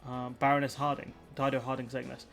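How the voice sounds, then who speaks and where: A man's voice: medium pitch, monotone, a little fast, gravelly, a bit bright, soft background music. A man giving rambling, frustrated political commentary, full of fillers and restarts.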